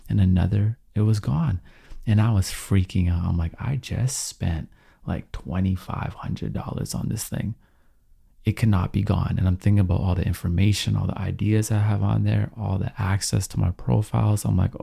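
A young man telling a story in a casual, animated vlog, full of slang and acted-out dialogue. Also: on the low side, creaky, slightly rough.

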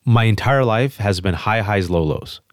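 A man as an interview guest, telling a personal story with emphatic, quick restarts. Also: on the low side, dry recording, studio quality. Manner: emphatic, fast restarts, animated quotes. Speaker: guest on a podcast.

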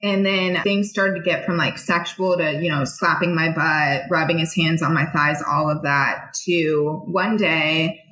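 Woman, young adult, military veteran, candid storytelling, slightly low pitch, echoey room. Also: steady tone, measured pace, hardly any pauses, bright, forceful tone. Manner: frank, conversational, many fillers.

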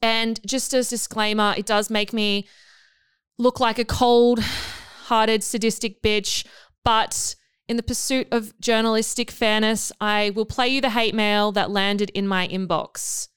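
Sarcastic podcast host. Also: female voice, on the high side, flat delivery, a little slow, fairly bright tone, smooth, no room sound, clean studio sound. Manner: sarcastic, self-mocking. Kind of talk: casual podcast commentary.

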